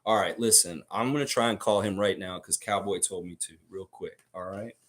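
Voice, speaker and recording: A man's voice: deep voice, fairly even intonation, a little fast, a bit bright. A man from the Baltics hosting a sports livestream, amped up and profane as he rants and reads out chat comments. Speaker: livestream host.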